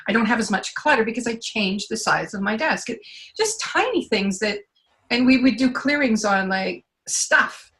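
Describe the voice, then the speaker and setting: A woman giving a client testimonial in casual conversation, chatty and animated as she tells her stories. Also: fairly high pitch, moderate pace.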